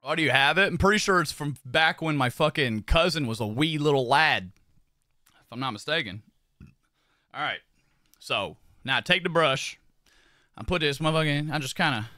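A man's voice: fairly high pitch, lively intonation, moderate pace, pauses often, sharp tone, dry recording, studio quality. A young man chatting casually on a livestream while doing his makeup, talking in a profane, slangy, rambling way and repeating his phrases. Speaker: streamer.

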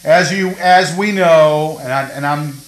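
A man's voice: a little high, measured pace. A man hosting a comic talk show, brash and rambling in casual banter. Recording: echoey room.

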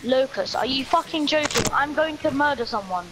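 A man's voice: very high-pitched, lively intonation, normal speed, noisy background. A man, swearing and ranting in casual gaming chat. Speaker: gamer.

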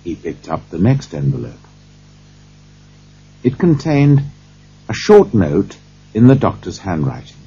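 A man reading a story aloud for English learners in a slow, deliberate way. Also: low-pitched, wildly swooping pitch, mellow, breathy edge. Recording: dull lo-fi recording.

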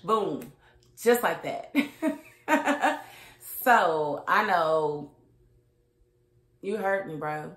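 A woman's voice: on the low side, very animated, drawn-out words, pauses often, fairly bright tone. A woman giving a casual, outspoken recap and review of a TV episode, acting out the characters' lines as she goes. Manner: chatty, acts out characters' lines; colloquial, outspoken. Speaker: TV show reviewer. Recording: roomy echo.

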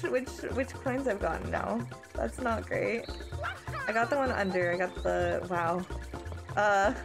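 A woman's voice: medium pitch, vocal fry. A woman with an Australian accent, live-streaming in casual chat, giggly and flustered as she talks to her chat.

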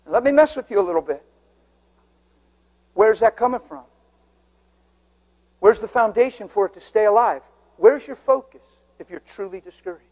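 Before a congregation in a church hall, a man preaches a sermon full of stories, jokes and questions to the crowd, in lively banter with his audience. His voice is high-pitched, at normal speed, with frequent pauses.

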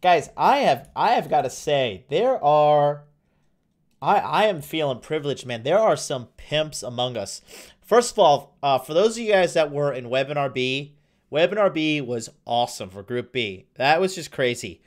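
A man's voice: fairly high pitch, lively intonation, normal speed. A young man hosting a casual livestream, reading viewer comments and talking in a loose, rambling way full of fillers and restarts. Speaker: livestream host.

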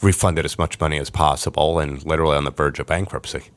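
A man, a podcast guest, telling his life story in a lively way and acting out the voices of people he quotes. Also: extremely low pitch, quick pace, no room sound. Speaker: podcast guest, sports agent. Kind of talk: storytelling interview.

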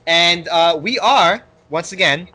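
A man with a Brooklyn accent co-hosting a casual podcast chat, loud and enthusiastic, laughing often. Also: high voice, takes it slowly. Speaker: podcast co-host.

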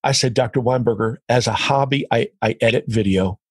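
A man's voice: mid-range voice, brisk, breathy edge, no echo. A middle-aged man, a podcast guest, telling a story in conversation, acting out the lines of others as he goes. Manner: animated, quotes others in dialogue.

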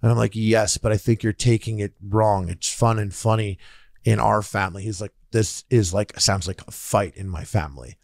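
A man's voice: on the low side, normal speed, gravelly, no echo, studio quality. A man guesting on a podcast, telling stories in casual chat, swearing freely and acting out the people he quotes. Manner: profane, animated storytelling with acted-out quotes.

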